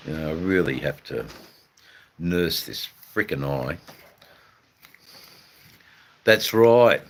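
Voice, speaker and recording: Laid-back deep-voiced Australian man. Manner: laid-back, rambling, drawn-out fillers, swears casually. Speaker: livestream host chatting with viewers. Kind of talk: casual live chat.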